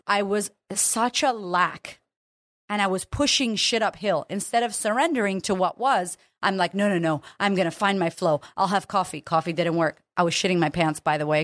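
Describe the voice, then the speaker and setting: A woman's voice: fairly low pitch, dry recording, clean studio sound. A woman hosting her own podcast as a confidence coach, talking frankly and emotionally and swearing freely. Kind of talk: candid solo podcast monologue.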